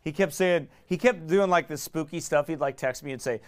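A middle-aged pastor, preaching a sermon in fiery, emphatic bursts that swing from quiet asides to raised shouts. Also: male voice, on the high side, a little fast, few pauses.

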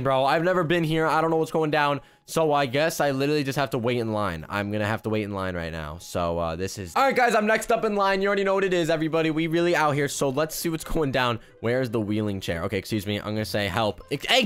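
A man's voice: medium pitch, a bit bright, clear, resonant tone. A young man joking and rambling through casual gameplay commentary, with frequent restarts. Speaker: gaming YouTuber.

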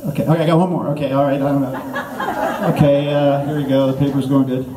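Rambling through a joke language lesson, this comedic teacher keeps cutting himself off and starting over, saying "okay" constantly. He speaks briskly at medium pitch with little pitch movement. The distant mic captures an echoey room with a noisy background.

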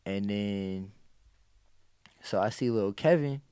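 A man's voice: lowish voice, takes it slowly, clean tone, no echo, clean studio sound. A man, a podcast guest, telling a story in casual, profane speech and acting out what people said. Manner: animated, profane, acts out quoted lines.

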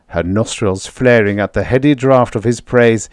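A man reading a vintage horror story aloud as an audiobook narrator, in a deliberate style. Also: lowish voice, clean tone, no echo, studio quality.

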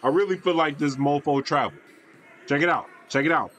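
A man's voice: on the high side, fairly quick, a bit bright. A young man giving casual, slangy reaction commentary on a basketball video, with mumbled asides. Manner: laid-back slangy banter, mumbles asides.

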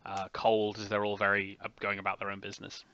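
A man running a tabletop horror game as game master, describing scenes hesitantly with many pauses and restarts. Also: on the low side, completely flat delivery, pushed and bright, smooth, no echo, muffled recording.

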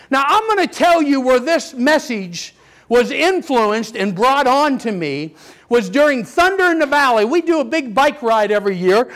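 An older man preaching a sermon, telling stories with lively energy and sudden shouts. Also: very high-pitched. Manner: animated storytelling, acts out children's voices, bursts into shouts. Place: church sanctuary.

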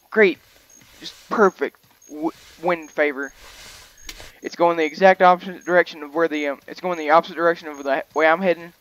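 A man's voice: on the high side, a bit bright, muffled recording. A young man, rambling and chatty as he gives casual commentary on a hunting game, often correcting himself mid-sentence. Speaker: gaming video host.

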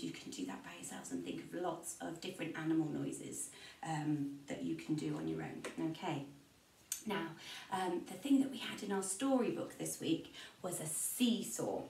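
A woman teaching a music lesson to young children from her room at home, gentle and encouraging. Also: a little hiss or hum. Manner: gentle, encouraging, jumps high in pitch for sung parts. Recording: roomy, distant mic in home room.

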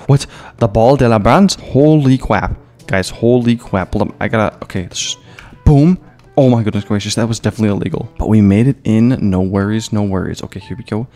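A man giving excitable, jokey gameplay commentary as a gaming YouTuber, throwing in mock-Spanish phrases. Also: fairly low pitch, creaky.

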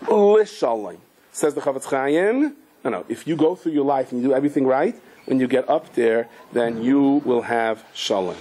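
Brief: male rabbi, husky voice, mid pitch, animated storyteller in a Torah class. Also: normal speed. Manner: animated storyteller, asks listeners questions.

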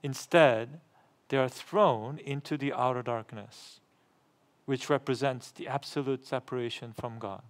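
Middle-aged male pastor, preaching emphatically, repeats words, mid-range pitch. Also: measured pace. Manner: emphatic, repeats phrases, asks the congregation rhetorical questions; gets louder and higher when reading scripture aloud. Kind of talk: sermon.

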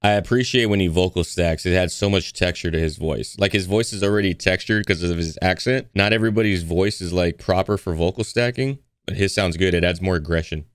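A man's voice: sits low, fairly quick, few pauses. A man hosting a music reaction video, talking loosely with lots of fillers and restarts. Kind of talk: casual reaction commentary.

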